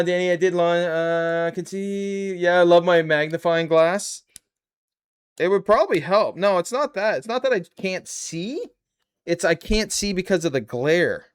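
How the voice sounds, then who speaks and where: A man chatting on a live build stream, trailing off into quiet muttering as he fits pieces together. His voice sits a little high for a man and sounds smooth and clear. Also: a little slow. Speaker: streamer building a model kit. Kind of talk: casual live-stream chat.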